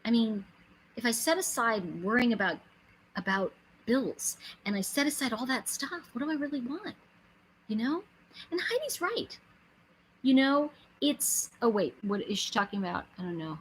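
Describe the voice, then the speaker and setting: A middle-aged woman giving an animated inspirational talk to her viewers, telling stories, acting out quotes and building to emphatic pleas. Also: fairly high pitch, moderate pace, slight background noise, poor audio. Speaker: spiritual speaker and host.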